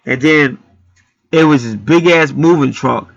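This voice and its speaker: A man's voice: fairly high pitch, measured pace, vocal fry, no room sound, muffled recording. A man hosting his own channel, telling stories in a blunt, profane, heated rambling monologue. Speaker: channel host.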